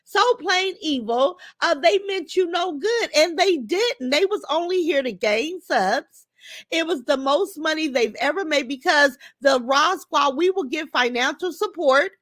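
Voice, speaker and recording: A woman's voice: high voice, unhurried, a bit bright, no echo. An older woman, hosting a livestream and reading chat comments, blunt and heated and swearing freely. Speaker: livestream host.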